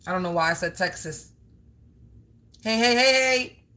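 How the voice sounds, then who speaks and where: A woman doing a live spiritual card reading, speaking emphatically and piling up synonyms one after another. Her voice is bright and forward. She mixes blunt profanity into otherwise plain, mid-pitched speech. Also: measured pace, low-quality recording.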